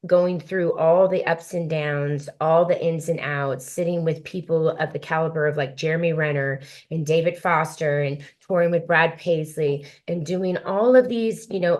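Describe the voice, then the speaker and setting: A woman being interviewed on a podcast, a singer speaking in a reflective, heartfelt way with frequent pauses to think. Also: sits low. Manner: reflective, many um fillers, heartfelt. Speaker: guest, country singer.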